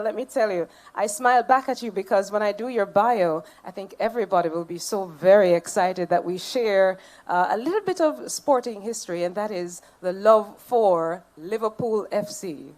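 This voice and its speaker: A Jamaican woman emcees a formal ceremony from a podium microphone, her pitch sitting in an ordinary middle range. She moves between stately lists of dignitaries and playful asides to the crowd. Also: moderate pace, darkish tone. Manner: playful, banters with the audience. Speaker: master of ceremonies.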